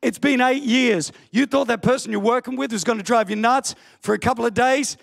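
A man preaching an impassioned sermon in church, often bursting into shouts. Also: very high-pitched, a little fast, vocal fry. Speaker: pastor. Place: church hall.

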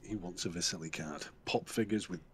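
A man's voice: low-pitched, brisk, a little hiss or hum. A man co-hosting a gaming stream in easygoing casual chat.

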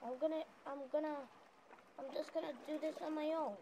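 High excitable voice over loud game noise. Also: female voice, brisk. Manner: excitable, stammering, yelling at enemies. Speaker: gameplay narrator. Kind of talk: let's-play commentary. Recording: loud game sound behind the voice.

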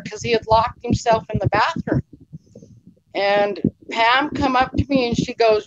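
A woman's voice: fairly high pitch, unhurried, highs cut off, noisy background. A woman guest telling a personal story in a rambling, emotional way, acting out what people said. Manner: rambling, emotional retelling with quoted dialogue. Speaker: interview guest. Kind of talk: casual storytelling.

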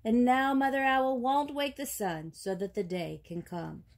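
A woman voicing a stern male lion king in a storybook reading, speaking in a measured, commanding way. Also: on the high side, noisy background, voice pushed up.

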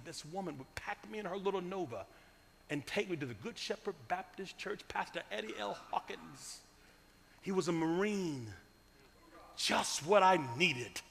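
A man from Cleveland preaching a storytelling sermon, with humor and dramatic swings from loud to hushed. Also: fairly high pitch. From Cleveland, USA. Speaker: guest preacher. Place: church sanctuary. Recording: long reverb of a church sanctuary.

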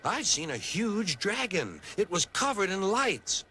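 A man doing a squeaky, jumpy little tank engine. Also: unhurried, slight background noise, full character voice. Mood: eager. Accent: American. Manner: high, excitable and squeaky. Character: small cheeky young male tank engine, easily scared. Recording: music playing behind the voice.

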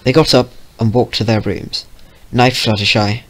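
A man reading a fan story aloud in a plain, steady way. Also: medium pitch, moderate pace. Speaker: fanfiction reader.

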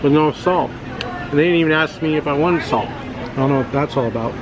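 A man's voice: on the high side, brisk, highs cut off, background noise. A man casually vlogging on a zoo visit, joking and chatting to his viewers. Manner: jokey, chatty, talks to viewers. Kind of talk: casual vlog commentary. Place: outdoors at a zoo.

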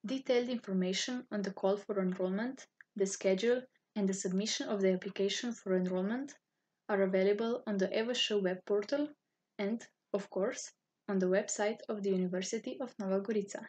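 Breathy-voiced woman. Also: medium pitch, fairly quick. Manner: formal, even-toned reading. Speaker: university student office staff. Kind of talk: scripted informational narration.

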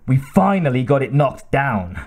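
A man's voice: mid-range voice, very animated, moderate pace, a little mellow. A man voicing a weary, blunt male ship engineer who reports damage in a tired, matter-of-fact way.

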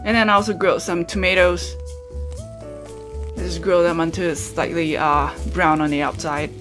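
A woman's voice: on the low side, level tone, normal speed. A woman food vlogger chatting casually as she walks through cooking and eating breakfast, full of ums and uhs, talking straight to her viewers. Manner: talks to viewers directly, asks them questions. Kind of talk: casual cooking and mukbang chat. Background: faint background music.

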